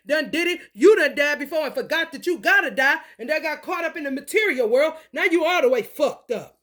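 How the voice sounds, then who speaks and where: A woman in a profane, confrontational spiritual monologue, swinging between low mutters and loud outbursts. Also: animated, fairly quick, hardly any pauses. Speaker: vlogger.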